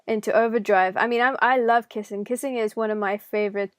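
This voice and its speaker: Playful, teasing woman host, high voice. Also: steady tone, clean tone, no room sound, clean studio sound. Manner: playful, teasing, quick interjections. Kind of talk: casual chat.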